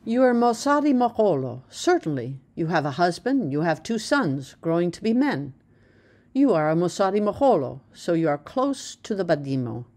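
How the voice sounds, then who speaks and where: A proud old village elder, solemn and commanding, voiced by a woman in a storybook reading. He lays slow, emphatic weight on each point, tender toward the small boy and certain of his own authority. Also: on the low side, sing-song, a little mellow. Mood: earnest.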